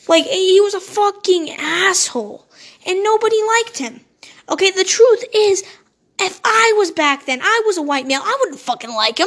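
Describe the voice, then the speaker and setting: A woman's voice: sits high, a bit bright. A woman hosting her own solo podcast, swearing freely as she rants and keeps losing her train of thought. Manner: profane, heated ranting that loses its train of thought. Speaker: podcast host.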